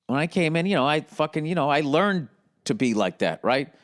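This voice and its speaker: A man's voice: on the high side, expressive, a little fast. A man hosting a solo podcast, rambling in a profane, blunt way and often slipping into mocking voices. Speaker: podcast host.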